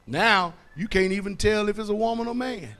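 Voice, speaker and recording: A man preaching a sermon as pastor, blunt and folksy, who quizzes his congregation with "what?" and builds to loud, emphatic stretches. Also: sits high, fairly quick.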